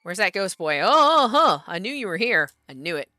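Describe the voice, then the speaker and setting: A woman's voice: medium pitch, big pitch swings, brisk, bright, forceful tone, no echo, clean studio sound, soft background music. A woman streamer playing a horror game, chatting, reading the on-screen text aloud, and talking back to the characters.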